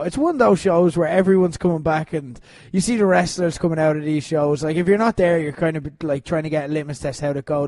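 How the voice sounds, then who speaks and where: This podcast co-host has a fairly high, darkish-toned voice, captured in a dry recording. He rambles through his stories, laughs along the way, and throws in the occasional swear word in a loose, casual show.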